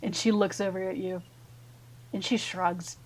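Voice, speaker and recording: A woman narrating a tabletop fantasy game as game master, relaxed with many fillers. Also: medium pitch, measured pace, a little hiss or hum, rough recording.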